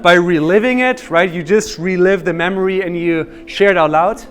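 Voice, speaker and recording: A man leading a storytelling workshop, energetic and quizzing his audience. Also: high voice, moderate pace, soft background music. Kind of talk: interactive workshop teaching.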